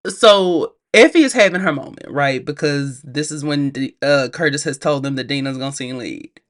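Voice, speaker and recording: A woman giving a casual movie review, chatty and animated, laughing often and talking straight to her viewers. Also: low-pitched, moderate pace. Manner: addresses viewers directly, acts out characters' lines.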